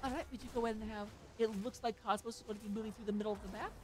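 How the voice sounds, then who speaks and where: A woman casting an amateur esports match with play-by-play commentary, chatty and excitable, with joking asides. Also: a little high, very fast, noisy background. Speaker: esports caster.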